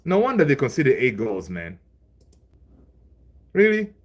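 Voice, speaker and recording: A man's voice: medium pitch, huge pitch swings, unhurried. A man hosting a casual live stream, reading chat and talking loosely, with lots of fillers and repeated phrases. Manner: loose and chatty, laughs along with viewers. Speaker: livestream host reading chat.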